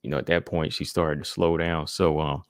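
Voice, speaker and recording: A man's voice: rumbling low, level tone, normal speed, no echo, studio quality. A man hosting a podcast, giving a laid-back casual recap of fights and often filling his talk with "man" and "you know". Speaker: podcast host.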